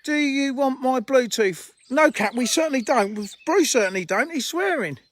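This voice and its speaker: Fishery owner on a live stream: man, high voice, jokey and teasing, chatting outdoors by the lakes. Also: lively intonation, normal speed. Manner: joking, teasing banter with viewers. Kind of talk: casual live-stream chat.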